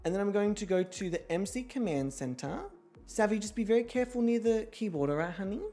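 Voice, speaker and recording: A woman's voice: mid-range voice, animated, quick pace, dark tone, soft background music. A young woman streaming a life-sim game, chatting, swearing and laughing as she plays. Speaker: streamer hosting an interactive show. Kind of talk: casual game-stream commentary.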